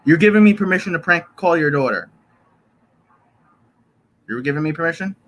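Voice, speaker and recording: A man's voice: on the high side, animated, moderate pace, a bit bright, slight background noise, low-quality recording. Rambling young male streamer. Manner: rambling, joking, profane. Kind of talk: casual live-stream chat. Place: bedroom.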